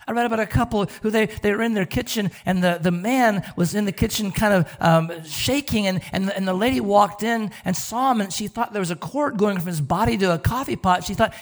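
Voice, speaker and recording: A male pastor preaching a sermon, telling stories with an animated manner and often repeating words. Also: high voice, fairly quick.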